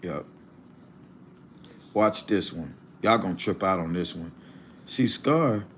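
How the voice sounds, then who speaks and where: Reacting to clips on his live stream, an older Mississippi man mocks another creator with profane, blunt remarks. His voice is low, animated and slow, a bit bright, with a little hiss or hum in the background.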